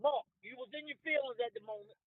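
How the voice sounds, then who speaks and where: A man's voice: extremely high pitch, quick pace. A man calling in by phone, stammering and defensive as he answers in casual chat. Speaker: caller. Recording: tinny phone line.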